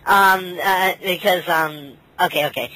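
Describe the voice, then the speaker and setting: A woman's voice: on the low side, measured pace, bright, forceful tone, poor audio. A woman hosting a casual podcast chat, ranting with lots of swearing and stammered restarts. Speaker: podcast host.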